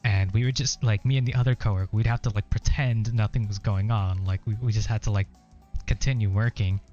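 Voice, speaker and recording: A man's voice: on the low side, steady tone, a little fast, dark tone, muffled recording, soft background music. A young man telling a story in a casual, rambling way while he plays, with many "like" and "uh" fillers. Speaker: gaming streamer. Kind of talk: casual storytelling over gameplay.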